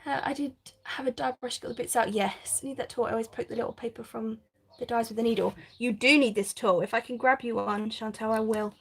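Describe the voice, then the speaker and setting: A woman's voice: a little high, fairly even intonation, fairly quick, creaky, husky. A woman hosting a live crafting stream, chatting casually, reading viewer comments and laughing often. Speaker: craft channel host.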